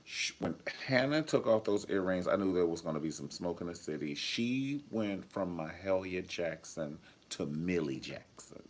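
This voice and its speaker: A deep-voiced man dishing a TV episode recap, flamboyant and sassy, with plenty of cursing. His low voice swings through animated rises and falls. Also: moderate pace, hardly any pauses. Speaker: TV show reviewer. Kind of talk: casual review vlog.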